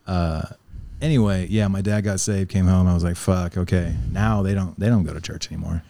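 A man's voice: low-pitched, fairly even intonation, brisk, warm tone, no room sound. A man in casual chat, rambling and profane, laughing often and telling stories about life in China. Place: lives in China.

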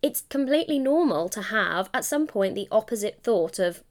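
Speaking at a moderate pace in an expressive mid-range voice, this young podcast host delivers a solo coaching monologue. She's chatty and encouraging, fixing her wording partway through sentences.

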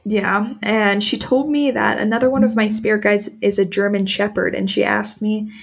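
Young woman, podcast co-host, gravelly low-end fry, candid rambling storyteller. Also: fairly even intonation, moderate pace. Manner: candid, emotional storytelling with frequent "like" fillers. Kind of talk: casual chat, personal storytelling.

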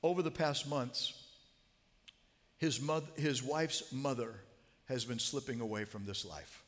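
A man's voice: medium pitch, a little slow, a bit bright. A man telling a story in a sermon, earnest and growing emphatic as he quotes. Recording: long hall reverb.

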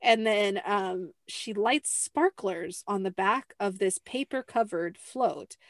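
A young adult woman hosts a podcast in a casual, chatty way, leaning on "like" as a filler and acting out quotes. Her voice is mid-range with lively intonation, she speaks slowly, and there's no room sound.

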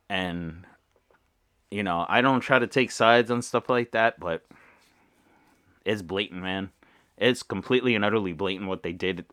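A man's voice: mid-range voice, fairly bright tone, dry recording. Earnest, rambling podcast man, dry sound. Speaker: podcast host; father. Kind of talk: casual podcast monologue.

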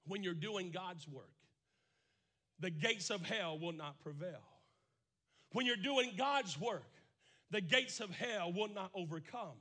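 Pastor, male, high and bright, preacherly delivery, swells from hushed to shouting. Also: animated, slow, long pauses. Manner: preacherly, swings from quiet to shouting; repeats phrases for emphasis. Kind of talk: sermon.

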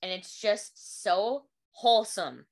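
A woman's voice: mid-range voice, expressive, takes it slowly. A woman co-hosting a casual book podcast, talking enthusiastically about a favorite story. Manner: enthusiastic, frequent "like" fillers. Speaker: podcast co-host.

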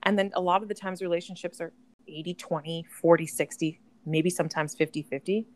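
A woman's voice: lowish voice, steady tone, brisk, a little mellow. A woman around forty, a podcast co-host in casual chat, telling stories and acting out other people's lines. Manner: chatty storyteller, acts out quotes.

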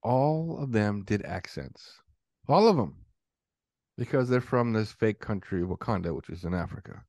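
Co-host guy, really lively up and down voice, opinionated, dry sound. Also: lowish voice, normal speed, no room sound. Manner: animated, opinionated. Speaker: podcast co-host. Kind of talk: casual chat.

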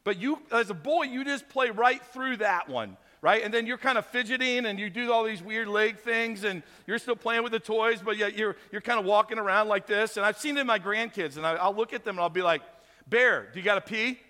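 Animated bright-voiced pastor in a hall. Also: male voice, sits high, brisk, few pauses. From America. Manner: animated storyteller acting out voices. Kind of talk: sermon storytelling. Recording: long hall reverb.

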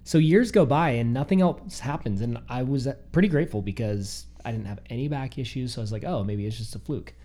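A man in his thirties tells a personal story in a casual chat, animatedly acting out what he and others said. His voice is mid-range, and he speaks briskly with hardly any pauses.

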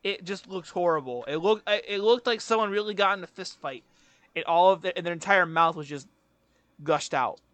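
A man's voice: high-pitched, moderate pace, a bit bright, clean tone, no room sound. A young man co-hosting a podcast, telling a rambling story with casual swearing. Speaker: podcast co-host. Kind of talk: casual chat.

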